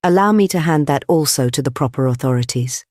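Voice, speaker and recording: A man's voice: a little high, lively intonation, brisk, a little mellow, no echo, studio quality, lightly acted. A man voicing a placid, sneering manservant who speaks with a hacking accent. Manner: placid, insinuating.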